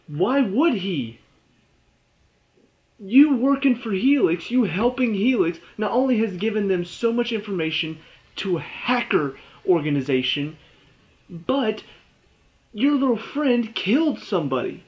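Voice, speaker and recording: A man's voice: sits high, animated, measured pace, lo-fi sound. A young man reviewing a TV episode in an exasperated, sarcastic rant, mocking the characters in quoted voices. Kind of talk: ranting video review.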